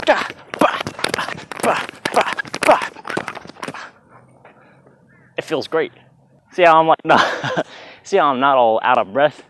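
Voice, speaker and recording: A man's voice: on the high side, a bit bright, a little hiss or hum. A man giving a casual dance tutorial in a loose, chatty way, counting out moves with "bah" sounds, sometimes moving away from the mic. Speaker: dance instructor. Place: outdoors in hot weather. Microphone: plugged-in mic, sometimes stepping away.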